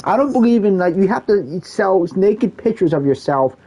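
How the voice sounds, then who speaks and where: A man's voice: high-pitched, animated, moderate pace, dark tone, slightly rough, rough recording. A man ranting casually while playing a game, rambling and restarting his sentences often. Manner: rambling, repetitive, many restarts. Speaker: gaming vlogger. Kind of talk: casual rant while gaming.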